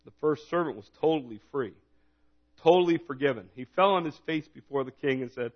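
A man preaching a sermon in a relaxed, conversational way, reading scripture and retelling it in his own words. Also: on the high side, a little fast. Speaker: pastor. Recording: dull lo-fi recording.

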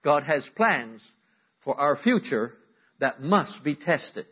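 Husky male preacher, sermon in a church, swings between forceful exhortation and low asides, dull lo-fi recording. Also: sing-song, slow pace. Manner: swings from loud emphatic exhortation to quiet asides.

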